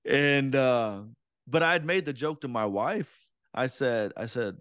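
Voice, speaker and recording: A man's voice: mid-range voice, normal speed, fairly bright tone, no echo, clean studio sound. A man in his thirties, a podcast guest, chatting casually and telling a self-deprecating story. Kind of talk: casual conversation.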